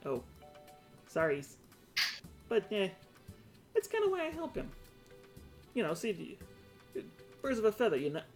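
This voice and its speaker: A man's voice: wildly swooping pitch, measured pace, pauses often, soft background music, full character voice. A man voicing a cocky male gnome trader who talks in slangy street speech. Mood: sly. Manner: slangy, drawling "yous", pitched up.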